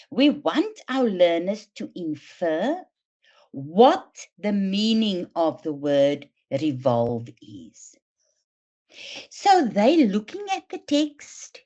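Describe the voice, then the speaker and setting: A woman presenting a teacher training webinar, explaining and demonstrating read-aloud techniques in a deliberate, emphatic way. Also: mid-range voice, darkish tone. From South Africa. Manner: slow, deliberate, emphatic delivery addressing teachers. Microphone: online webinar mic. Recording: dull lo-fi webinar audio.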